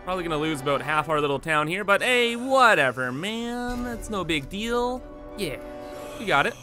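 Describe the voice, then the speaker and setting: High, lively gaming commentator man. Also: moderate pace, soft background music. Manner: playful, laughing, hyped. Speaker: gaming YouTuber. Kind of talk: casual gameplay commentary.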